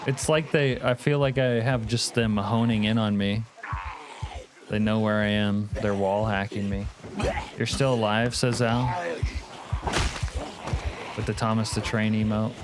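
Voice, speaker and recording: A man's voice: fairly low pitch, level tone, normal speed, noisy background. Joking, cursing man streaming a game. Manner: profane, jokey, reads chat aloud. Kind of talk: casual live-stream commentary.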